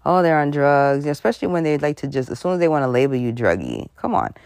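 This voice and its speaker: A woman's voice: rumbling low, fast, gravelly, no room sound, studio quality. A woman host giving a frank, conversational commentary monologue, full of asides and acted-out voices. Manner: animated, conversational, frank, breaks into laughs and voices.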